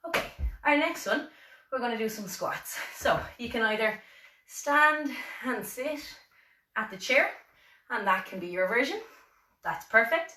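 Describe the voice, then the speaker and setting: This fitness instructor, a woman with an Irish accent, counts reps and cheers on a seated exercise class with light self-deprecating remarks. Her slightly high, sharp voice has lively intonation and an unhurried pace with frequent pauses, sounding far off in an echoey room with a little hiss or hum.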